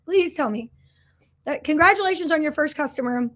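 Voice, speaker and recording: In her thirties, a business coach pitches her coaching program on a relaxed livestream, speaking high-pitched, expressively, and briskly. She's earnest and chatty with many fillers and restarts, stopping to greet viewers and reply to their comments.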